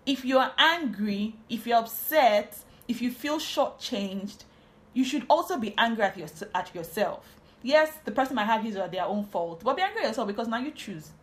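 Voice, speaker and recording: A woman's voice: on the high side, lively intonation, normal speed, a bit bright. A woman, hosting a podcast and giving a casual, chatty Bible teaching on marriage, often drifting into asides.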